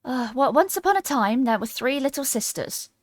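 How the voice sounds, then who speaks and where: A woman voicing a sleepy, sulky male dormouse with a hoarse, feeble voice in a storybook reading. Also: sits high, expressive, dry recording, pitched above the performer's own voice. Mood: drowsy. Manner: slow, drowsy, indignant. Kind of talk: storybook character voice.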